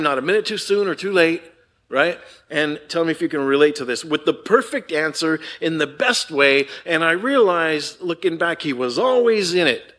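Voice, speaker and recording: An older man preaching a conversational sermon, asking the congregation "right?" often and moving between hushed and emphatic delivery. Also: fairly high pitch. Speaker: pastor.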